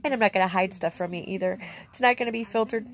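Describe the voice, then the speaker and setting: A woman's voice: medium pitch, quick pace. A middle-aged woman vlogger speaking candidly and emotionally in a plainspoken, heartfelt way from inside a camper. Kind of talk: candid personal vlog.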